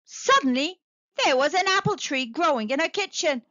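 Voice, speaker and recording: A woman telling a children's story aloud, with a sing-song, expressive delivery, in a slightly muffled, dry recording. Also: high-pitched, moderate pace, no room sound. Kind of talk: children's read-aloud narration.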